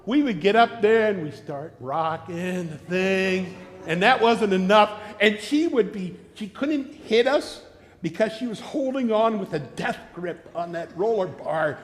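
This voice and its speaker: A man with an American accent preaching a sermon, telling stories and acting out shouted quotes. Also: high-pitched, animated, a little slow, in a large hall. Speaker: pastor. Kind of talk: sermon with storytelling. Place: church sanctuary.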